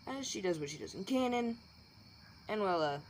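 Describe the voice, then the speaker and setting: A woman's voice: mid-range voice, animated, moderate pace, slight background noise. A woman improvising and narrating a fan anime story aloud, rambling with fillers and restarts.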